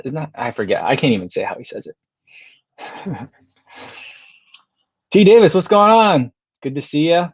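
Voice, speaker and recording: Easygoing man hosting a livestream, chatting casually through viewer comments, laughing often and trailing off before he restarts his sentences. His voice sits at an ordinary middle pitch. It is recorded close and dry, with a slightly dull, muffled sound. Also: animated, moderate pace, pauses often, husky, dry recording. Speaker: livestream host.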